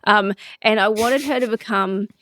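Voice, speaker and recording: A woman's voice: medium pitch, moderate pace, a bit bright, no echo, studio quality. A woman co-hosting a podcast, chatting casually in a frank, blunt way and laughing easily. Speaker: podcast co-host. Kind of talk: casual chat.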